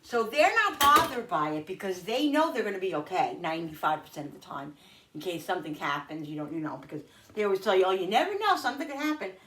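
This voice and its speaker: A woman's voice: on the low side, expressive, fast, pushed and bright, a little hiss or hum. Rambling woman in an echoey kitchen. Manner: rambling, emotional, many restarts and "you know"s. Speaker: vlogger. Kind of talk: casual storytelling. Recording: echoey kitchen from far off, clattering dishes.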